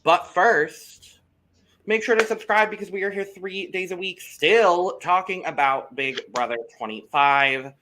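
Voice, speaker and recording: A man co-hosting a casual reality TV podcast, animated and gossipy, swearing freely. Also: high voice, measured pace, background noise. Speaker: podcast co-host. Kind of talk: casual chat.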